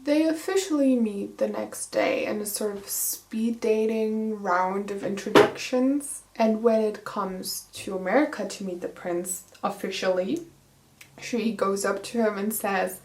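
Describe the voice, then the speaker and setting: A woman's voice: on the high side, unhurried, echoey room. Sarcastic young-sounding woman recapping a book. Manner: sarcastic, casual, lots of 'like'. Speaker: book reviewer.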